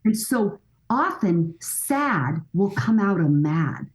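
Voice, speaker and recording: A woman's voice: fairly low pitch, big pitch swings, slow, rough recording. A middle-aged woman speaking as a guest expert in a podcast conversation, earnest and coaching, often acting out bits of dialogue.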